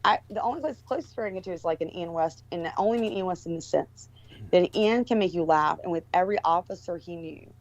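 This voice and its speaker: A woman's voice: fairly low pitch, quick pace. A woman guest telling a story in casual talk, rambling with many restarts and fillers. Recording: dull lo-fi recording.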